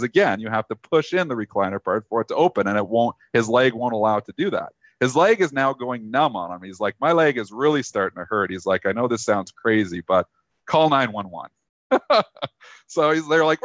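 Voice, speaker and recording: A man on a live talk show telling a long, rambling anecdote full of fillers, with lively quoted voices for the people in it. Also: medium pitch, dry recording, lo-fi sound. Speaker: co-host telling a story. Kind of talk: casual storytelling on a live trading show.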